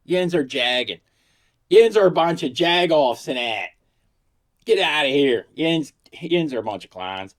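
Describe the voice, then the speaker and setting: A loud older sportscaster heckles with a thick Pittsburgh accent, as a man does an impression of him. He pitches his voice up and stretches his words. The delivery is brash and taunting. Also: expressive, measured pace. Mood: heckling.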